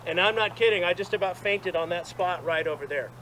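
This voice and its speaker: Man, fairly high voice, chatty outdoor dedication speaker, self-deprecating, faint outdoor noise behind. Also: fairly quick. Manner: chatty, self-deprecating, frequent restarts and laughs. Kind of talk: outdoor storytelling speech. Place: outdoors at a gathering.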